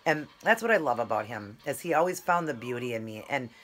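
Low-voiced chatty woman vlogger. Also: animated, a little fast, fairly bright tone. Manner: chatty, rambling, affectionate. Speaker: keto food vlogger. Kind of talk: casual vlog chat while eating.

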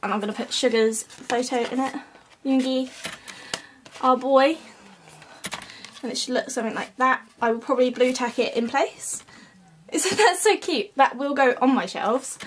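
A young woman with a high voice talks through an unboxing at home in a loose, chatty way. She giggles often between her lines. A faint hiss sits under the camera-mic recording. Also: moderate pace, pauses often. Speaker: vlogger. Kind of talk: casual unboxing chat. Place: at home, indoors.

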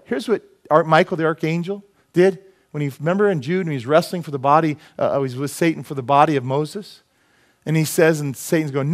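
A male pastor preaching a sermon, swinging between loud exclaiming and low, quiet asides, acting out voices as he goes. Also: fast.

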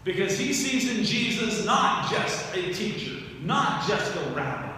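A man preaching a sermon as pastor, talking in a conversational way that swells into animated emphasis on key phrases. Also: sits high, unhurried. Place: church sanctuary. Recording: echoey church hall from far off, faint noise.

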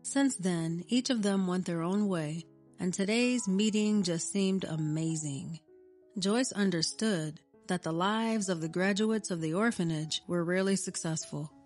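A woman reading a scripted story in a steady, even narration. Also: fairly low pitch, a little slow. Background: faint music.

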